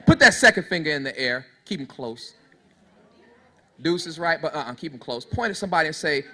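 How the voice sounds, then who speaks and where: Animated man giving a motivational talk. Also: fairly high pitch, a little fast. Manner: preachy call-and-response, talks straight to the audience; storytelling, folksy. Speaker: motivational speaker to youth. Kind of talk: motivational speech.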